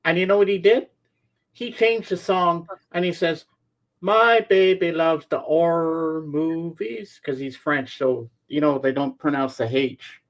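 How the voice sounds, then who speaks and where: A man's voice: a little high, steady tone, normal speed. A man co-hosting a podcast in casual chat, telling stories and cracking himself up easily. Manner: giggly storyteller, easily cracks up. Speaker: podcast co-host.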